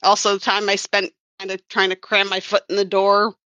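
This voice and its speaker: A woman's voice: mid-range voice, completely flat delivery, moderate pace, bright, forceful tone, no echo, lo-fi sound. A woman who worked as a comics writer and colorist, chatting casually on a podcast and rambling with wry self-corrections.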